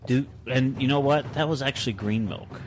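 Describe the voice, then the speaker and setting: A man's voice: mid-range voice, normal speed, noisy background. A man co-hosting a podcast, casually reading group chat messages aloud in mock voices and laughing often. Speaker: podcast co-host.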